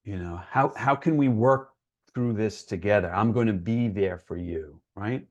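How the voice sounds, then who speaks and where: A man's voice: lowish voice, measured pace, lo-fi sound. Earnest man giving a parenting talk. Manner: conversational, often checks in with "right?"; earnest, reassuring. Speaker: presenter for parents. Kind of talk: educational presentation.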